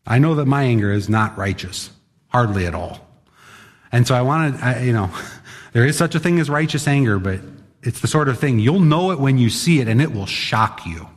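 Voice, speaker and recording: A man's voice: medium pitch, lively intonation, moderate pace. A male pastor preaching a sermon in a conversational, emphatic way, sometimes acting out the voices of others. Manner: emphatic, conversational, acts out quotes. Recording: long hall reverb.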